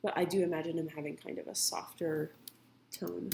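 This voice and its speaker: A woman's voice: sits low, steady tone, moderate pace, gravelly, darkish tone, slight background noise, poor audio. A woman drawing live on stream, chatting playfully and thinking aloud about characters. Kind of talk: casual chat.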